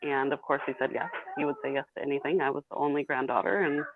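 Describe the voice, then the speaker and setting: A woman's voice: a bass voice, quick pace, gravelly. A woman in her thirties, a guest telling her own painful story candidly and bluntly. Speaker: interview guest. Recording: tinny phone-like call audio.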